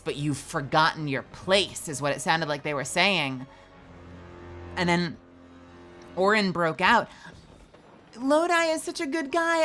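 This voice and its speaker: A woman's voice: mid-range voice, pushed and bright. A woman streaming a video game, chatting casually with lots of "like" fillers and swearing, reading the game text aloud. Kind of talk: casual gameplay commentary.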